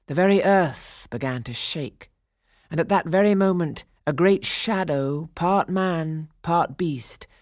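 A woman narrating a storybook audiobook in a slow, expressive, dramatic reading. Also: deep voice, dry recording, clean studio sound.

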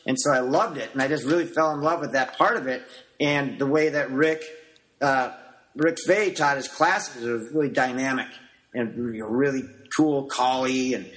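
A man's voice: medium pitch, moderate pace. Middle-aged man telling martial arts stories. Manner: animated storyteller who acts out his younger self in quotes; loose, rambling with many "you know" fillers. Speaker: guest, martial arts coach. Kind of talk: casual storytelling interview.

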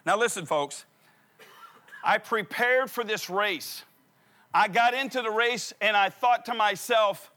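A man's voice: extremely high pitch, a little slow, bright, forceful tone. A middle-aged man, a pastor telling a funny personal story in a sermon and acting out the dialogue. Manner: humorous, acts out the dialogue.

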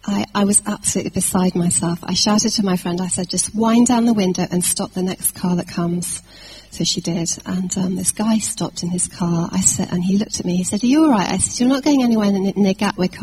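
A woman from England preaching a sermon, telling a personal story in a lively anecdotal way with fillers and restarts. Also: lowish voice, slight background noise, low-quality recording.

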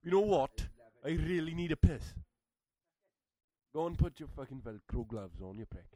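A man's voice: on the high side, expressive, normal speed, dark tone. A man from Britain trading crude jokes and quips in a loose group chat. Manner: crude, joking, interrupts with quips.

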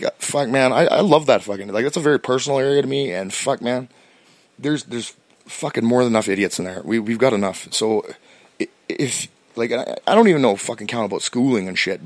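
Canadian male podcast host, fast talker, profane stammering ramble, lowish dry voice. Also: no echo. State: stoned. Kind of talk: rambling casual monologue.

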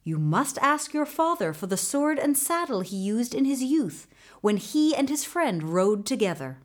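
A woman voicing a calm, commanding magical male horse in a storybook reading, giving steady instructions. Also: on the high side, unhurried. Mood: calm guiding.

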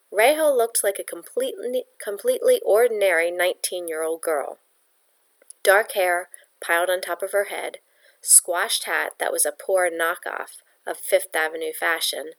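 A woman reading a novel aloud with a steady, measured storytelling delivery. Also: on the low side. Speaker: audiobook narrator. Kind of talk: audiobook reading.

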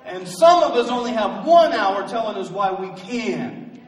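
A high-pitched man preaches to his congregation, pushing his lines hard and calling out to the room for answers. His voice rings through a large church hall with a long tail of reverb. It sounds a little distant from the mic. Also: lively intonation, a little slow. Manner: rising to emphatic call-and-response preaching. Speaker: pastor. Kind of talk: sermon. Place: church sanctuary.

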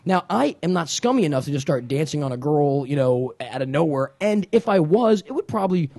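A man's voice: a little high, big pitch swings, a little fast, dark tone, dry recording, studio quality. A young man co-hosting a casual chat, telling a rambling, self-deprecating story with many restarts. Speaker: podcast co-host.

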